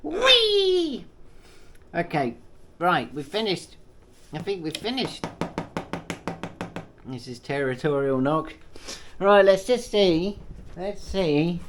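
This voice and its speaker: A man's voice: on the high side, expressive, slow, long pauses, slight background noise. A man chatting to his pet bird in a vlog, with playful baby talk and cheering. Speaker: pet owner and channel host.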